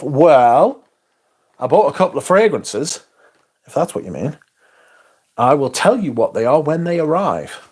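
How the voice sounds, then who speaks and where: A man's voice: fairly high pitch, a little mellow, slightly rough. A man hosting a livestream, chatting casually, reading out comments and swearing in exasperated asides. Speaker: livestream host.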